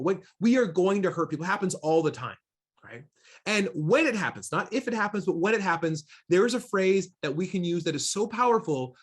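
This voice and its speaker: A man's voice: high voice, breathy edge. A man from Seattle leading an online diversity workshop, emphatic and full of questions for his audience, talking into a computer mic. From Seattle, USA. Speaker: diversity trainer.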